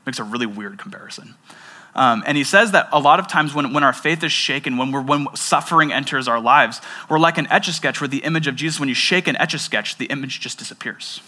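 A young man, a pastor, preaching a sermon and telling a personal story in an animated way, with frequent restarts. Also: medium pitch, brisk.

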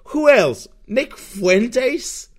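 A young man hosts his podcast alone, ranting sarcastically with a stream of swearing. His voice sits high for a man. He takes his time, drawing out his jabs at a slow pace. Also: lively intonation. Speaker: podcast host. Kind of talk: solo rant podcast.

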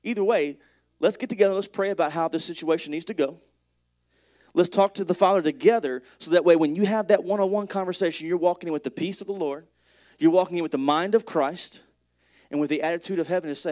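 A man's voice: a little high, fast, a little mellow. A man preaching a conversational sermon, joking with the congregation and reading scripture aloud with rising energy. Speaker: pastor.

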